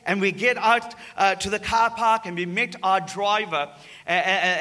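A man preaching a sermon, telling a personal story with animated delivery and repeating key lines to the congregation. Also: high-pitched. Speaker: pastor. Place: large hall before a live congregation. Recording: long reverb of a large hall.

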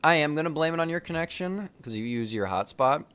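A man's voice: a little high, animated, fairly quick, fairly bright tone, clean tone. A man hosting a podcast in casual chat, teasing and joking, talking over a video call. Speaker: podcast host.

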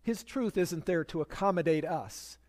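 A male pastor preaching with measured, emphatic delivery and a high voice. His words trail off into the long reverb of a big hall, like a sanctuary. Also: a little mellow. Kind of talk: sermon.

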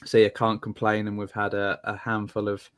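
Give me an easygoing man co-hosting a podcast, with a lowish voice. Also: completely flat delivery, moderate pace, smooth. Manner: easygoing, analytical, with repeated words. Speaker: podcast co-host. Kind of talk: casual podcast chat.

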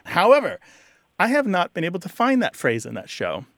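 A man co-hosting a radio show on language, explaining word origins to a caller in a chatty way with quick asides. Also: high voice, huge pitch swings, a bit bright, no echo, clean studio sound.

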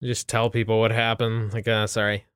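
A man's voice: medium pitch, fairly even intonation, unhurried, a little hiss or hum. A man co-hosting a podcast, chatting in an easygoing way with short replies over a call. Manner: brief, easygoing interjections. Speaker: podcast co-host. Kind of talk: casual chat. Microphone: remote call.

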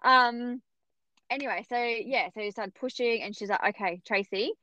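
A young woman telling a personal story in casual chat, acting out the other voices with big jumps in pitch. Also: normal speed, bright, forceful tone, no echo, lo-fi sound. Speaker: podcast guest telling her birth story.

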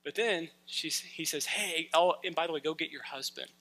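A man's voice: fairly high pitch, moderate pace, bright, forceful tone, rough recording. A man in his thirties preaching a casual, conversational sermon, acting out quoted lines as he goes. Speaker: pastor.

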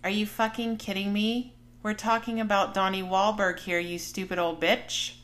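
A woman in her forties voicing her foul-mouthed thirteen-year-old inner self, yelling and cussing. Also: mid-range voice, flat delivery, normal speed, natural voice. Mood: scolding.

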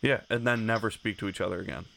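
A man's voice: lowish voice, quick pace, gravelly, fairly bright tone. A man co-hosting a podcast, blunt and sarcastic, swearing often in crude chat. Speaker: podcast co-host. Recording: faint background noise.

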